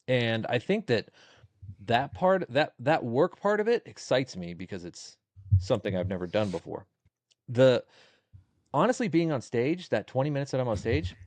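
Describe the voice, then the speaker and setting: A man's voice: mid-range voice, very animated, moderate pace, darkish tone, no echo. A man in his forties, a podcast guest talking casually and plainly, often repeating words as he gathers his thoughts. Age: 40s. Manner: plainspoken, repeats himself while thinking.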